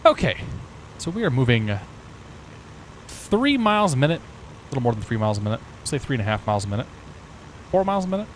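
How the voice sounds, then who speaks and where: A man's voice: mid-range voice, very animated, fast talker, long pauses, slight background noise, rough recording. A man streaming a flight simulator, chatting casually with viewers and thinking aloud.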